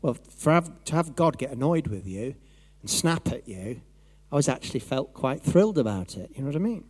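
A man preaching a sermon in a lively, conversational way, acting out his own thoughts and voices. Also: medium pitch, normal speed, breathy edge. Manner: animated, conversational, acts out inner voices.

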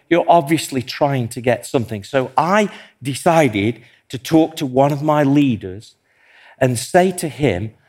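A man's voice: fairly high pitch, a little mellow. A man preaching a sermon, telling a personal story in an earnest, self-deprecating way. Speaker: pastor.

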